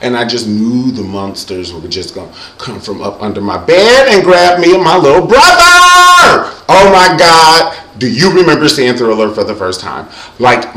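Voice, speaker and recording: A man hosting his own show, chatting comically about celebrities in an animated, campy way and mimicking people. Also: on the low side. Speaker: show host. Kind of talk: comic celebrity chat monologue. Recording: echoey room.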